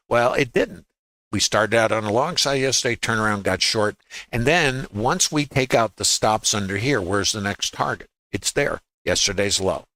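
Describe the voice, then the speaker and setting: Brooklyn-accented male trading teacher, bright and forceful, folksy, quippy, rhetorical. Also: on the low side, no echo. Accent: New York, Brooklyn. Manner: folksy, quips and rhetorical questions. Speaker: trading educator. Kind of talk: livestream market lesson. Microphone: laptop.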